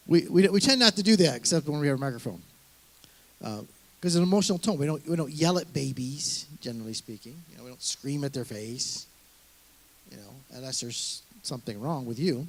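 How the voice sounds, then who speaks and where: A middle-aged man preaches to his congregation in an earnest, conversational way. His voice sits in an ordinary middle pitch, and he often circles back and restarts a phrase as he works through his point. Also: animated, a little fast. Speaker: pastor. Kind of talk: sermon.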